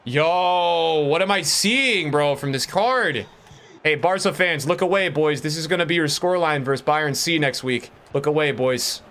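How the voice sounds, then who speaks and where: A young man with a fairly high voice streams a football video game at a moderate pace. He's an excitable gaming streamer who comments casually, swears a lot, and keeps talking to his chat.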